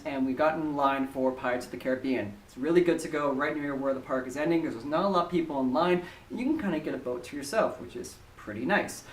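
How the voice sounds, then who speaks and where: A man sending in a recorded story to a podcast, telling it in a chatty, animated way. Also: fairly high pitch, recorded from a distance. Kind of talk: casual storytelling voice message. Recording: echoey room, voice away from the mic.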